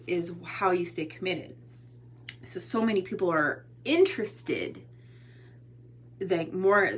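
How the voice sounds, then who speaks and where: A woman's voice: mid-range voice, a little hiss or hum. A tired woman hosting a casual motivational livestream, chatty and rambling, often restarting her sentences. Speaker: motivational host and online entrepreneur.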